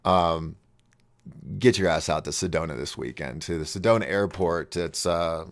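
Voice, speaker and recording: A man's voice: low voice, normal speed. A man hosting a call-in show in a casual, rambling monologue, giggling often at his own jokes. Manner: rambling, restarts and trails off.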